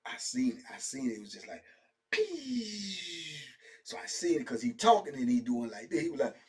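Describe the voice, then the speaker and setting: A man's voice: mid-range voice, fast talker. A middle-aged man hosting a show, animatedly telling a prison story in slang, acting out the people in it and often checking in with his listener. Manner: lively, slangy, acts out the other people he quotes; keeps checking in with "right?" and "you know what I'm saying?". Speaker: host telling prison stories.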